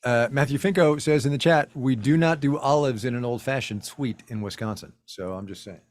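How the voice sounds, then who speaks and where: A man's voice: medium pitch, fairly quick. A man co-hosting a casual livestream from a home office, wry and teasing. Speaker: co-host.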